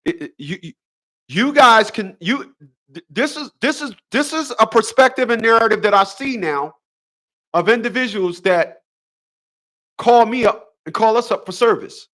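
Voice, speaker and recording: A man's voice: sits high, lively intonation, moderate pace, pushed and bright. A man hosting a relationship advice show, delivering a preachy solo monologue full of repeated rhetorical questions and emphatic short phrases.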